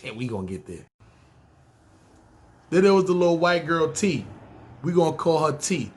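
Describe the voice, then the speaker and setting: A man's voice: fairly high pitch, very animated, moderate pace. A man from Harlem, telling his life story in a rambling, slangy, profane way, addressing listeners directly. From Harlem, New York. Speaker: podcast storyteller. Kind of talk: casual storytelling podcast.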